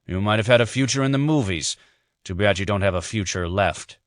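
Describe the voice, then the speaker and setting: A man's voice: on the low side, a little fast, dry recording, studio quality, lightly acted. A man voicing a smug, sadistic male captor who talks in a mocking, taunting way.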